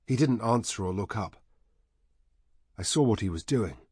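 A man voicing a grieving man haunted by dreams, quiet and weary in a husky hushed voice. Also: on the low side, expressive, normal speed, no room sound, clean studio sound. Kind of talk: audiobook character voice.

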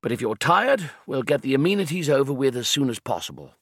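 A man's voice: mid-range voice, big pitch swings, fast talker, fairly bright tone, husky, no echo, clean studio sound. A man voicing a polite male official who reassures a guest, in an audiobook reading. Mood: courteous.

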